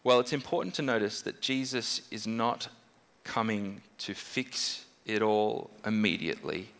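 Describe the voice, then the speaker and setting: A man preaching a sermon in a conversational, animated way, jumping up in pitch when he voices questions. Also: measured pace, vocal fry. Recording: long hall reverb.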